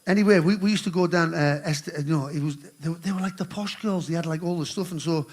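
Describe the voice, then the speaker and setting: Older man, high-pitched, rambling live stage banter with swearing, faint guitar under him. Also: fast talker. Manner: rambling, swearing, joking with the crowd. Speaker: musician hosting a charity concert.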